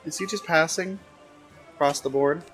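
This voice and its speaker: A man's voice: a little high, normal speed, a bit bright, breathy edge, soft background music. A man streaming a game from his room, talking to the screen in a sassy, teasing way. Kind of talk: casual gameplay commentary.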